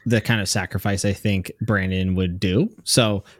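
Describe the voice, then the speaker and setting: Relaxed man hosting a podcast. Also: sits low, normal speed, no echo, clean studio sound. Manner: relaxed, reads listener mail. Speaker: podcast co-host. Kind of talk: casual podcast chat.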